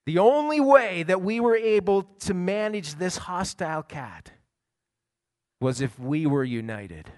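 A middle-aged man, a pastor, preaching a sermon and telling a personal story, swinging from quiet asides to loud bursts. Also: high voice, lively intonation, unhurried.

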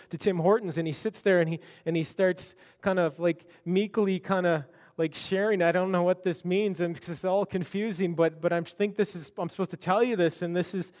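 A man preaching a sermon and telling a personal story, halting and repeating words as his intensity builds. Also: high voice, darkish tone, big-room sound. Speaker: pastor.

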